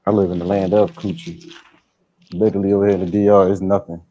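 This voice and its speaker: A man's voice: low voice, little pitch movement, quick pace, mellow. Laid-back man with a Philadelphia accent. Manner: blunt, laid-back, profane. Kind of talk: casual chat.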